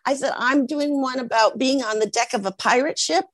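An older woman from Portland sits for an interview and spins a lively anecdote, playing each person's lines herself. Her voice sits a little high. The sound is dry and close. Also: normal speed, no room sound. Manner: lively anecdotes with acted-out quotes. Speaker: interview guest. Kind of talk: storytelling in an interview.

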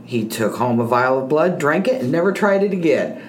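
A woman's voice: rumbling low, big pitch swings, moderate pace, a little hiss or hum, poor audio. A woman co-hosting a podcast, reading case notes aloud with dry, sarcastic asides.

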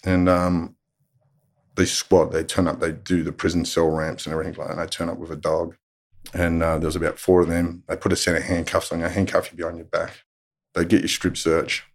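A man's voice: low-pitched, flat delivery, fairly quick. A middle-aged Australian man telling stories in a blunt way, swearing freely as he talks. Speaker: guest telling prison stories. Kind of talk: casual storytelling.

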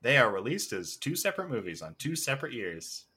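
A man co-hosting a casual podcast chat about films, blunt and quick to swear when he gets heated. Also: medium pitch, sing-song, pushed and bright, breathy edge. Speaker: podcast co-host.

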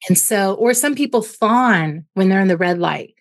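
Animated and speaking at normal speed in a medium pitch, a woman clinical psychologist explains emotions as an interview guest. She uses everyday analogies and keeps adding "right?" to her points.

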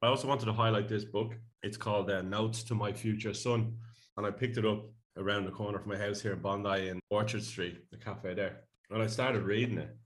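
A man's voice: lowish voice, steady tone, brisk. A man co-hosting a podcast in casual, joking chat, laughing often. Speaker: podcast co-host. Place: Bondi home.

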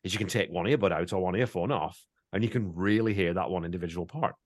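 A man's voice: low voice, quick pace. A man hosting a music podcast in casual chat, easygoing, who laughs often and swears in asides. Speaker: podcast host.

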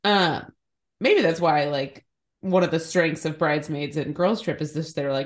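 A woman's voice: sits low, moderate pace. A woman co-hosting a podcast, making dry, wry remarks in casual chat. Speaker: podcast co-host.

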